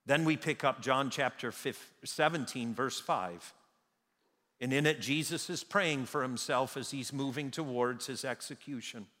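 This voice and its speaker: A man preaching a sermon as pastor in a church sanctuary, emphatic, with slow dramatic pauses. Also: medium pitch, bright, forceful tone. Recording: long reverb of a large hall.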